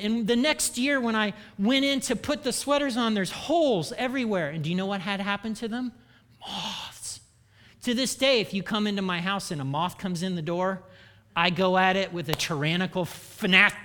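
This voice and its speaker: Male pastor, high-pitched, animated sermon delivery full of humorous asides. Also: normal speed. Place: church.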